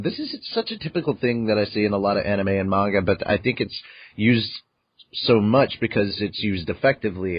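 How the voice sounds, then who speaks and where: A man's voice: fairly low pitch, husky, no echo, lo-fi sound. A man hosting a podcast who recaps a manga chapter in casual chat, acting out his own reactions and swearing freely. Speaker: podcast host.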